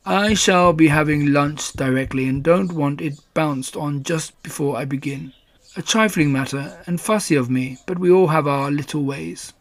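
A mournful old donkey, dragging out every word with slow resignation, put on by a man reading a storybook. The voice sits a touch high, and each gloomy remark lingers. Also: no echo, lightly acted.

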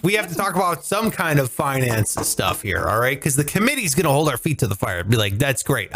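An American man hosting a comedy podcast, chatting casually and animatedly, swearing freely and jumping into silly high voices when he quotes people. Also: creaky, a bit bright, slightly rough, no echo. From United States. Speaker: podcast host.

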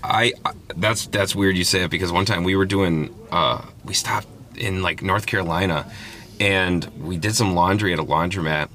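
A man's voice: deep voice, normal speed. A man from Wisconsin with a Wisconsin accent, telling stories in a casual chat with heavy swearing. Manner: profane, animated storyteller.

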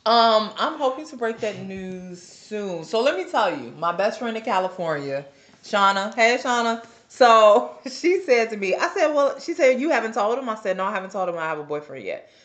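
A woman co-hosting a casual chat, an animated, teasing storyteller. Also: medium pitch, moderate pace. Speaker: co-host. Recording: echoey room.

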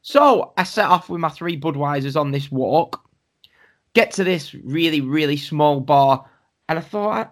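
An animated young man tells a story in a casual chat, his voice sitting a touch high. He acts out what people said and laughs often as he goes. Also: a little slow. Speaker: podcast host.

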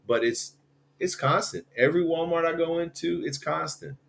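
Dude on a podcast, cussing, rambling through stories. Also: male voice, a little high, normal speed, creaky, a bit bright, slight background noise. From Louisville, Kentucky. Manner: profane, rambling storyteller. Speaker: podcast host. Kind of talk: casual chat.

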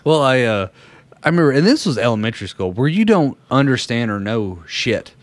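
A young man co-hosting a casual podcast, spinning a loose, profane anecdote with plenty of laughs. His voice sits at an ordinary pitch. The sound is dry and close, with no room around it. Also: sing-song, fairly quick, dry recording. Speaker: podcast co-host. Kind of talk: casual storytelling chat.

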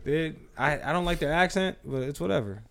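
Animated joking man in casual chat. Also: a little high, fairly quick, gravelly. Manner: animated, swearing, laughing often. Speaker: podcast co-host.

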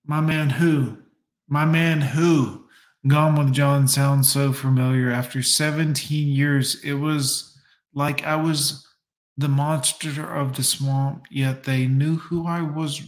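Slow, ranting man in an echoey room. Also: a little high, fairly even intonation. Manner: profane, ranting, slow and emphatic. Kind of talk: casual monologue.

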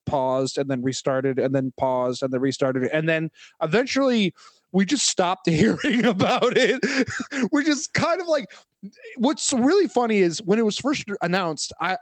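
A man co-hosting a podcast in casual chat, enthusiastic and quick to laugh. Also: fairly high pitch, no room sound. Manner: enthusiastic, laughs easily, rambling restarts. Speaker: podcast co-host.

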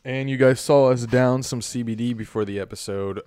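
A man co-hosting a podcast, talking in a relaxed, rambling way full of slang. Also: medium pitch, moderate pace, clear, resonant tone, dry recording, studio quality. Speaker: podcast co-host. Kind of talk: casual podcast chat.

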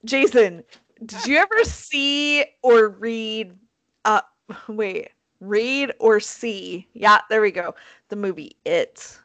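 A woman co-hosting a casual chat, telling a story in an animated, profane, self-mocking way. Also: a little high, slow pace, dry recording, low-quality recording. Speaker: podcast co-host.

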